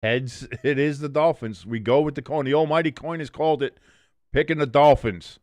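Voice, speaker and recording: A man's voice: a little high, normal speed, no echo, studio quality. Chatty man hosting a sports show. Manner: animated, jokey, chatty. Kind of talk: casual sports preview and picks.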